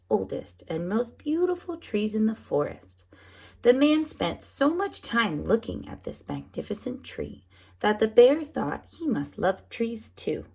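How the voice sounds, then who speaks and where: A woman preschool teacher reading picture books aloud to young children, animated and often asking them questions. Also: a little high, vocal fry, breathy edge. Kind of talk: storybook read-aloud for children.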